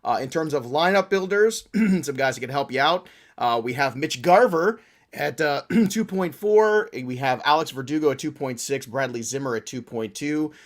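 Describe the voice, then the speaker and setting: Chatty podcast guy, slightly high voice, joking around, clears his throat a lot. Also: animated, normal speed. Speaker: podcast co-host. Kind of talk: casual podcast banter.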